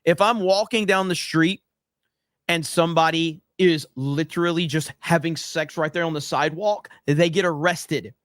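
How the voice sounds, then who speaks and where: A man's voice: fairly high pitch, fairly even intonation, normal speed, fairly bright tone, dry recording, clean studio sound. A man hosting a casual livestream, reading viewer super chats aloud and ranting in a brash, profane, emphatic way. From United States.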